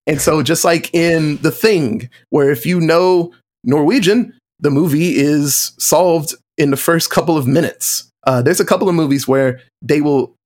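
A man talking through film trivia in a relaxed podcast chat, with a slightly higher voice than most men. He tells it with animated energy and often jumps into exaggerated quoted voices. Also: a little slow. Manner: animated storytelling, acting out quotes in shifting voices. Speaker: podcast co-host or guest. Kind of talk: casual movie discussion.

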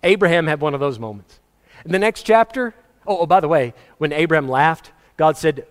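A man's voice: a little high, animated, a little fast. A man preaching a sermon to his congregation in a conversational way, chuckling and acting out quotes. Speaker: pastor. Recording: long hall reverb.

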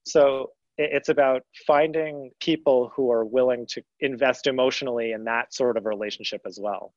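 A man's voice: medium pitch, fairly even intonation, normal speed, no echo. A young man speaks as an interview guest, earnest and a little rambling, often circling back to restart a thought. The recording sounds dull and lo-fi, with a dry, close feel and no room around it. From United States. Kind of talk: conversational interview.

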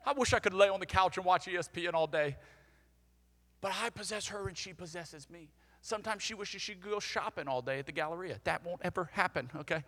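A young man preaching a sermon, energetic and conversational, leading the congregation to repeat after him. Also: high voice, a little fast, long reverb tail. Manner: energetic, conversational, leads call-and-response. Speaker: pastor.

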